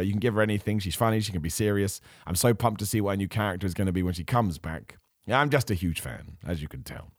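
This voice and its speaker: A man hosting a casual podcast, reading out viewer questions and answering them with chatty enthusiasm while his voice turns hoarse. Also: low-pitched, dry recording, clean studio sound. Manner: enthusiastic, chatty, frequent fillers and restarts. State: losing his voice. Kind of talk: casual chat.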